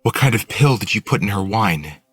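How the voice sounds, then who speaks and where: A man's voice: on the low side, expressive, normal speed, fairly bright tone, breathy edge, faint music behind, pitched above the performer's own voice. A man reading an audiobook and voicing a blunt, curious woman who possesses another's body, lifting his voice to play her. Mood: stern.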